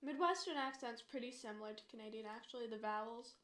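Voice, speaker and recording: A woman's voice: a little high, fast, fairly bright tone. A young woman from the United States chatting casually to viewers, telling a story with lots of "like" and fillers. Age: young adult. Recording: roomy echo.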